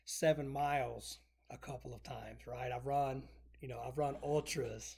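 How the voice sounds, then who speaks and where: A middle-aged man chatting casually to camera from his home exercise room, rambling, restarting phrases and clearing his throat. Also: mid-range voice, fairly even intonation, normal speed, darkish tone. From North Texas. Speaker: vlogger.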